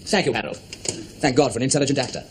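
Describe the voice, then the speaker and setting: An actor playing a fussy, theatrical amateur theatre director who stammers often, on an old TV soundtrack. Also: male voice, mid-range voice, quick pace, close to an everyday voice. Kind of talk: sitcom acting. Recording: noisy old TV audio.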